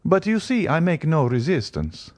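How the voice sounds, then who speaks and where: A man's voice: a little high, huge pitch swings, moderate pace, darkish tone, dry recording, voice pushed up. A man reading a reserved nobleman who answers with cool, formal politeness. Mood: guarded. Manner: formal, restrained. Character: reserved, guarded nobleman count, coolly polite.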